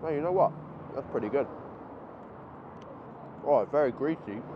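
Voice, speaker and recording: This travel vlogger speaks in a mid-range voice at normal speed, narrating casually and excitedly while he walks city streets and enters a convenience store. He thinks aloud and breathes a little hard. The camera audio is muffled and carries street noise.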